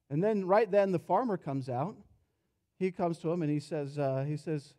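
A pastor preaching a sermon in a church, telling a story and acting out its characters, dropping soft and low for reflective points. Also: male voice, lively intonation, fairly quick. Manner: storytelling, acts out characters' lines with rising energy. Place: church sanctuary.

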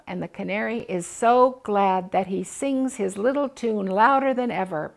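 An older woman reading a children's picture book aloud, gently voicing the animals and family. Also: medium pitch, moderate pace, gravelly, hardly any pauses. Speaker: storybook reader.

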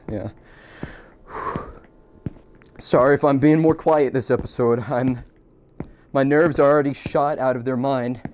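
A man's voice: mid-range voice, a little mellow, a little hiss or hum. A man giving jokey, profane commentary while playing a horror game, nervous and talking to himself. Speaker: gamer.

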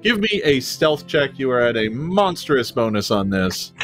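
A game master running a fantasy tabletop session, mid-pitched and unhurried. The narration is loose and conversational, dotted with little fillers. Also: faint music behind. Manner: relaxed, easygoing narration with fillers.

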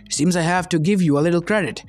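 Brief: gloating, sadistic ninja traitor read by a man, slightly high voice, lofi music under. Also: fast talker, natural voice. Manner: mocking, gloating. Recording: soft lofi music behind.

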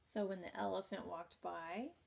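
A young woman teacher reading a picture book aloud to young children, gentle and expressive, often pausing to ask questions. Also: lowish voice, vocal fry, slightly rough. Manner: gentle, slow and expressive, asking the listener questions.

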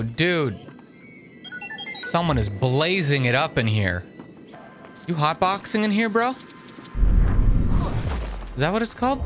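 Young male host for joking gameplay commentary; animated, fairly high, with game music under. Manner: excitable, jokey, swears often. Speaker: gaming channel host. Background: game music and sounds.

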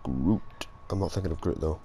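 A man's voice: sits low, moderate pace, vocal fry, slight background noise. A tired, sleep-deprived young man giving jokey let's-play commentary, muttering and swearing to himself. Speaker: gaming commentator. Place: at home at night.

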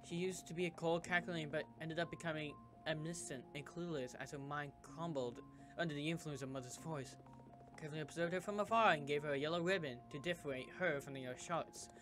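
Guy reading game text out loud for his channel, kinda high voice, faint music in back. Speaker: gamer reading a visual novel aloud. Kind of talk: let's play commentary and narration.

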